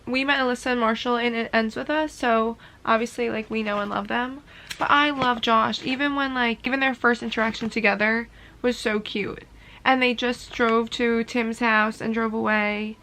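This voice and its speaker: A woman's voice: on the high side, fairly even intonation, normal speed, bright, forceful tone, slight background noise, low-quality recording. Emotional young woman chatting about a book. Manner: emotional running reactions full of "like". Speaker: book vlogger. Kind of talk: casual reading vlog chat. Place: room upstairs at home.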